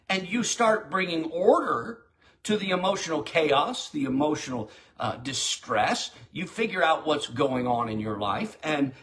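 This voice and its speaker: Animated folksy preacher man. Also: on the high side. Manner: folksy, direct, preachy exhortation. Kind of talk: daily devotional sermon.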